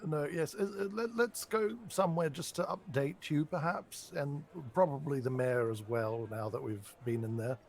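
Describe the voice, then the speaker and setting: A man's voice: fairly high pitch, moderate pace, few pauses, slight background noise. A man speaking in character in a tabletop game, hesitant and stammering. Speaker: player.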